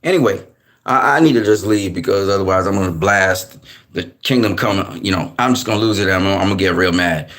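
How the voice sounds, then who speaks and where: A man's voice: low-pitched, fairly quick, fairly bright tone. A man ranting angrily about a sport, heated and profane, calling on his audience and repeating himself. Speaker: boxing commentator. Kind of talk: ranting commentary.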